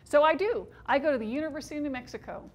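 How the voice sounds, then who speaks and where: A woman in her fifties performing an autobiographical one-woman stage show, telling her story in a wry, expressive way with dry humor. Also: sits high, rapid-fire.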